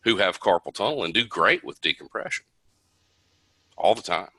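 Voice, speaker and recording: A man's voice: deep voice, lively intonation, normal speed, pushed and bright, husky, dry recording, low-quality recording. A man with a Southern US accent teaching an online session, explaining at length in a conversational way with restarts. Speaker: instructor.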